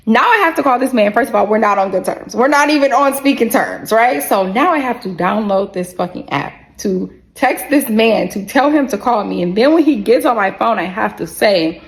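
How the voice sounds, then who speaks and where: A woman tells her own story to camera in a casual storytime vlog, with a gravelly, creaky edge on her voice. She is candid and expressive, swears freely and talks straight to her viewers. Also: medium pitch, a little fast, few pauses.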